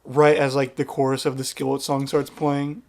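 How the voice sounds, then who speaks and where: A laid-back man co-hosting a comedy podcast, adding his own twists to an improvised story. His pitch sits in the ordinary middle range. He chimes in often to agree. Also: monotone, normal speed, creaky, darkish tone. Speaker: podcast co-host.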